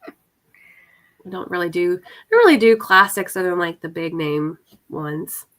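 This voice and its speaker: Lowish and a bit bright, her voice keeps a measured pace as she chats with friends on a call. She's a young adult woman in a readathon, and the casual video-call conversation is packed with fillers and laughter.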